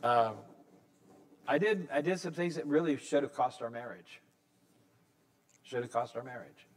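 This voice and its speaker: A man in his sixties, a pastor preaching a conversational sermon, correcting himself as he goes and rising into high, excited emphasis. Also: measured pace. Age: 60s.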